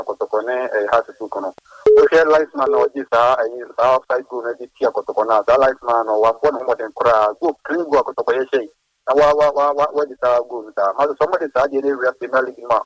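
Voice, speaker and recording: Caller, halting over a phone line. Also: male voice, mid-range voice, dry recording. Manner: halting, repetitive. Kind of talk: phone-in call.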